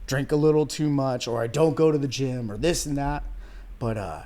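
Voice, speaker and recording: A man's voice: medium pitch, normal speed, mellow. Earnest man in his thirties telling his story. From Iran. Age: 30s. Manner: earnest, heartfelt storytelling with frequent "man" and "dude". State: close to tears at times. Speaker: podcast guest, weight loss coach. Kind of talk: casual interview conversation.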